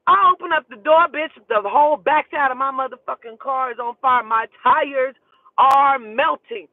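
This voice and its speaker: Woman telling a wild story over a tinny phone line, cussing a lot, really animated, dry sound. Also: high-pitched, normal speed, dry recording. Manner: profane, animated and emphatic. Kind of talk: casual storytelling.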